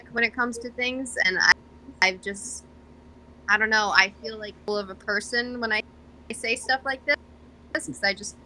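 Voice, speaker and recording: Young woman podcast guest, very bright tone, rambling and self-deprecating, faint noise behind. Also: a little high, rough recording. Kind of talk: casual chat.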